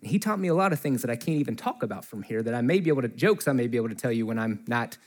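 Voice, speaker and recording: A man's voice: mid-range voice, rapid-fire. A man preaching a sermon in a church, telling a story in a loose conversational way and quoting the people in it, with a mic close to his face. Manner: conversational, animated storytelling with quoted voices. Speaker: pastor.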